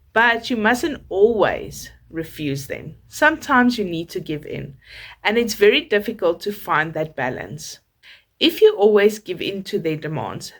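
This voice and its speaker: Woman, South African accent, young adult, calm measured advice, scripted tips, expressive rise and fall. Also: medium pitch. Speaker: parenting vlogger, mother of a toddler. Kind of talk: scripted parenting tips to camera.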